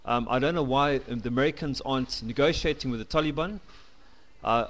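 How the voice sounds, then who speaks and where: Speaking in a mid-range voice, a South African vlogger records a blunt, opinionated monologue on a home camcorder, pausing haltingly as he talks.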